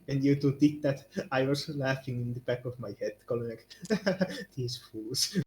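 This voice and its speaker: A man's voice: medium pitch, expressive, normal speed, a little mellow, a little hiss or hum. A man chatting casually with friends, teasing playfully and giggling. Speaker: streamer voicing a game.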